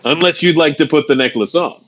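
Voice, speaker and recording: A man's voice: a little high, brisk, fairly bright tone, lightly acted. A man voicing a wary, guarded adventurer who speaks in a dry, formal way in a tabletop game. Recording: dull lo-fi mic.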